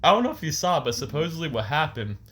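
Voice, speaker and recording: Bright-voiced, chatty man co-host. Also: fairly high pitch, sing-song, fast talker, a little hiss or hum. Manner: eager storyteller, laughs often. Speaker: podcast co-host. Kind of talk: casual chat.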